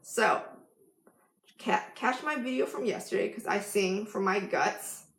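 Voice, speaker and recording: A woman's voice: mid-range voice, a little slow. A woman life coach giving an emphatic motivational vlog talk, laughing often. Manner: bursts into loud yelled affirmations. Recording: echoey room.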